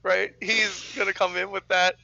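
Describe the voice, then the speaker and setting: A man co-hosting a casual tabletop-gaming podcast chat, animated and swearing freely. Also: sits high, moderate pace, creaky, no echo, highs cut off. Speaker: podcast co-host.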